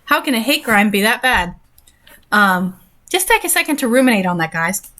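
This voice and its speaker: A woman's voice: a little high, very animated, normal speed, bright, forceful tone. A young woman reading a story aloud and breaking off into sarcastic, exasperated commentary on it. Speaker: host reading and critiquing a story.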